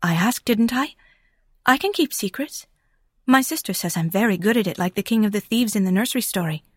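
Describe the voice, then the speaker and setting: A woman's voice: mid-range voice, animated, brisk, slightly rough, dry recording, clean studio sound. A woman voicing a brave, earnest young boy who talks eagerly and boastfully.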